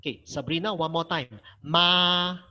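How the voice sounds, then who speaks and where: Teaching Mandarin over a video call, this middle-aged lecturer with a Malaysian English accent stays patient, repeats himself, and demonstrates tones. He speaks at a moderate pace in a slightly high, expressive, somewhat bright voice, on a muffled recording.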